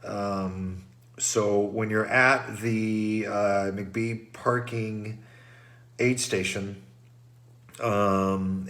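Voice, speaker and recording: Congested from trail dust, a middle-aged race director with a fairly low voice runs through the rules for runners before the race. His talk is loose and rambling, packed with fillers and restarts.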